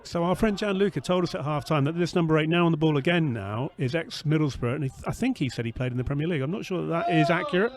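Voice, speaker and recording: A man with a slightly higher voice calls the action live from an outdoor football ground. He is good-humoured and quick to laugh at himself. He narrates the play in brisk bursts. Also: expressive. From England. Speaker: podcast co-host. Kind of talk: casual live match commentary.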